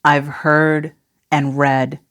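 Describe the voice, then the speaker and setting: Low-voiced woman podcast co-host. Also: flat delivery, very slow, a bit bright. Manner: playful, teasing interjections. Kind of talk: casual podcast chat.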